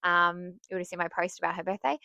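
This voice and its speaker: Chatty woman, podcast host; bright, crisp voice, dry room. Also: on the low side, fast talker, dry recording. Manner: chatty and self-laughing, with bursts of excitement. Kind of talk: casual advice talk.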